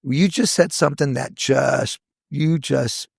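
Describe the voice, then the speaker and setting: A man in his sixties, a hair educator, telling stories from his career in a lively podcast chat, acting out the voices of people he quotes. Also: mid-range voice, slow pace, vocal fry, husky, no echo, studio quality. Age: 60s. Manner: animated storyteller, acts out quoted voices. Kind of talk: casual podcast storytelling.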